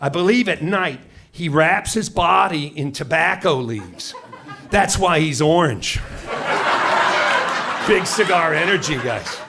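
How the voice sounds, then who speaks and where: Speaking slowly with vocal fry, a middle-aged Seattle stand-up keeps his fairly high voice animated as he performs on a comedy club stage. He's brash and mock-indignant, firing punchy rhetorical questions at a live audience whose loud laughter and room noise fill the recording.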